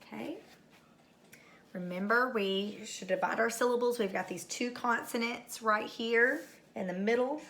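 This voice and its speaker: Slow, bright-voiced woman teacher dictating. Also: fairly high pitch. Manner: slow, patient dictation, spelling out letters. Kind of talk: recorded spelling lesson. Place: home.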